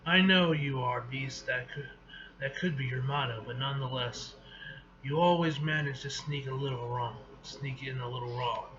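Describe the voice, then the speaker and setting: An injured heroine answers with dry, cutting remarks, as a man reads her aloud. The voice is bright. The recording sounds dull and lo-fi. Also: medium pitch, moderate pace, pitched below the performer's own voice, close to an everyday voice.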